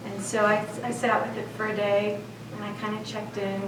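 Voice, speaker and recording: A woman's voice: mid-range voice, normal speed, background noise. Woman telling a story in an echoey room. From South Side of Chicago. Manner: lively, conversational, laughing at her own story. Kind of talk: personal storytelling performance. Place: storytelling event. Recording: roomy live venue, mic at a distance.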